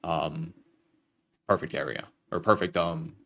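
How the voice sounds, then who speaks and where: A man's voice: sits low, measured pace, creaky, pushed and bright. A young man hosting a live trading stream, casually talking chat through his trades with some profanity. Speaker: livestream trading host.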